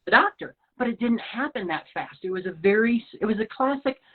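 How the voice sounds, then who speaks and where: Her voice is a little high and fairly quick as she tells a personal story on a podcast, acting out each quoted exchange with animation. She comes from the Rocky Mountain region of the US, and the audio is lo-fi and phone-like.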